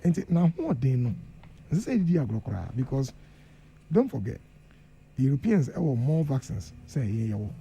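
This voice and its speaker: Gravelly dark-voiced Ghanaian man. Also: mid-range voice, very animated, moderate pace. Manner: earnest, mixes Twi and English, emphatic warnings. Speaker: guest professor. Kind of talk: radio panel discussion. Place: radio studio.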